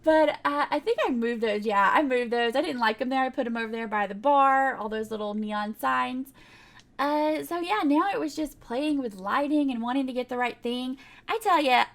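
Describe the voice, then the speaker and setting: A young woman with a high voice narrates a speedbuild of her game at a normal pace. Her voiceover is casual and rambling, full of fillers and little laughs.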